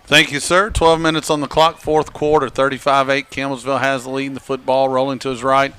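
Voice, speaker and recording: A man calling a high school football game play-by-play, chatty and joking. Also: level tone, fairly quick, sharp tone, clean tone. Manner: chatty, joking, laughs often. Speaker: play-by-play announcer.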